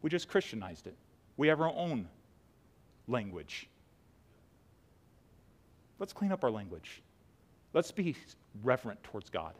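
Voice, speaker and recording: A man preaching a sermon to a church congregation, swinging from loud pleading cries to quiet, earnest talk. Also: medium pitch, big pitch swings, normal speed, pauses often. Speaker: pastor. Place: church sanctuary.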